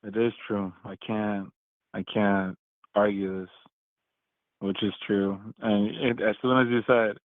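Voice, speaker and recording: A man's voice: on the low side, flat delivery, unhurried, no room sound. A man in his forties in a casual heated debate, stammering, repeating words and laughing often. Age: 40s. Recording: tinny phone-like call audio.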